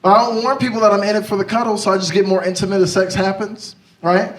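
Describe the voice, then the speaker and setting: A man's voice: high voice, fast, hardly any pauses. Brash young man doing stand-up. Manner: brash, animated, confessional. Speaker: stand-up comedian. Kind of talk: stand-up comedy set. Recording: roomy echo, mic far off, noisy.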